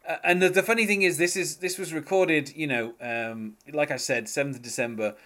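A man's voice: on the high side, steady tone, brisk, pushed and bright. A man chatting casually as a podcast host, rambling with many fillers and frequent chuckles. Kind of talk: casual music discussion.

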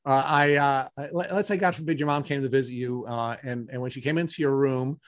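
A man's voice: medium pitch, a little fast, dry recording, clean studio sound. A man hosting an interview, talking earnestly with frequent restarts and repeated words. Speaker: podcast host. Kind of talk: interview conversation.

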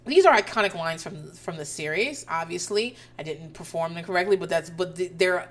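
A woman's voice: fairly low pitch, brisk, few pauses. A woman casually recapping a reality show episode, profane and incredulous as she tells the story.

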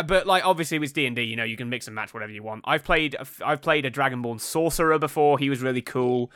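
A man co-hosting a casual gaming podcast, energetic and joking as he explains game rules. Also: medium pitch, clear, resonant tone, no room sound, clean studio sound. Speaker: podcast co-host. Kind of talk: casual chat.

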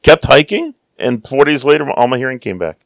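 An American man casually telling a story about his travels, lively, acting out the people he quotes. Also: mid-range voice, brisk, creaky, no room sound. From United States. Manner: animated, acts out quoted voices.

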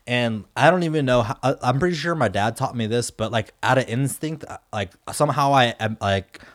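A man's voice: medium pitch, brisk, fairly bright tone. Slangy guy telling a story. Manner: slangy, rambling, many fillers. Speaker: podcast co-host. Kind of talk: casual storytelling chat.

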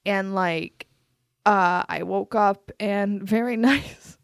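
A woman's voice: medium pitch, slow, gravelly, clear, resonant tone, no echo, clean studio sound. Chatty young woman podcast co-host. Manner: chatty, heavy use of "like", laughs often. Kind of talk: casual chat. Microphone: podcast microphone.

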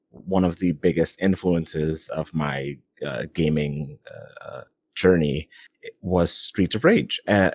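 A man on a podcast as a guest, chatting casually in a relaxed, easygoing way with many fillers. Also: deep voice.

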